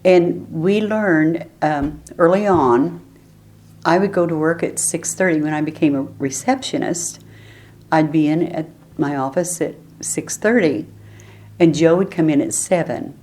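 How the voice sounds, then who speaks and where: A woman's voice: sits low, a little slow, darkish tone. An older woman telling stories in an oral history interview, chatty and often laughing as she talks. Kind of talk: relaxed storytelling.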